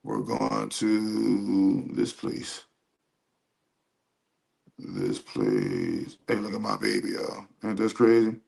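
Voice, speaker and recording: A man giving casual, profane reaction commentary on a video, reading search results aloud between loud, animated remarks. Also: on the low side, takes it slowly, creaky.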